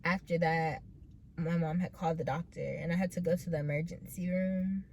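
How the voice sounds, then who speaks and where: A young woman in her late teens speaks in a low voice into her camera mic, telling her own story. She talks haltingly, with pauses and fillers, and sounds earnest and close to tears. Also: steady tone, a little mellow, slight background noise. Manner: hesitant, full of pauses and "like" fillers. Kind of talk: personal storytelling.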